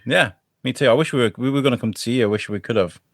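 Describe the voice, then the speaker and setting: A man's voice: mid-range voice, rapid-fire, dry recording, clean studio sound. A man hosting a podcast in a chatty, rambling way, laughing often. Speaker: podcast host. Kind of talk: casual chat.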